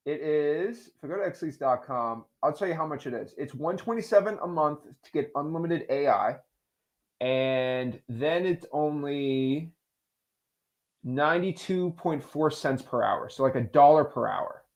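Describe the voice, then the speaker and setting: An excitable man hosts a live stream and chats straight to his viewers. His voice sits a little high and jumps around a lot as he jokes and reacts. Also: unhurried. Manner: excitable, joking, talks straight to the live chat. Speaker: host of a live stream on real estate cold calling. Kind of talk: casual live-stream chat.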